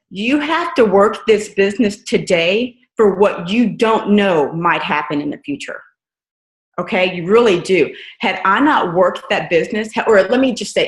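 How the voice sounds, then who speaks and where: A woman, giving an earnest, conversational motivational talk on a team call and often checking in with "right?". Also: mid-range voice. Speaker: guest speaker on a team call. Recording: echoey room.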